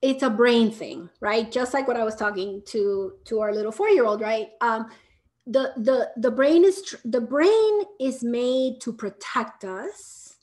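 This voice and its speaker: A parenting educator explains things during a live Q&A, often checking in with "right?" and sometimes shifting into a soft, soothing tone. Her voice is fairly high-pitched and a little slow.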